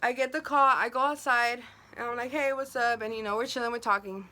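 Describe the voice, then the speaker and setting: A woman's voice: on the high side, steady tone, fairly quick, pushed and bright. A young woman telling a personal story on her vlog, emotional and venting, filled with "like" and quoted dialogue.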